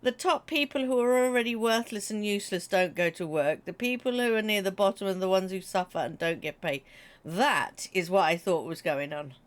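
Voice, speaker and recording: A British woman with a runny nose chats her way through a game stream. She talks in a mid-pitched voice, teasing and joking as she greets her viewers and answers them. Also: moderate pace. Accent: British English. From Britain. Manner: chatty, jokey, reads chat aloud. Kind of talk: casual chat while gaming.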